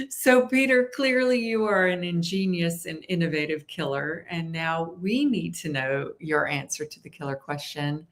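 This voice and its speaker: Woman, show host, upbeat, playful, somewhat low voice. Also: measured pace. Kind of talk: casual interview chat.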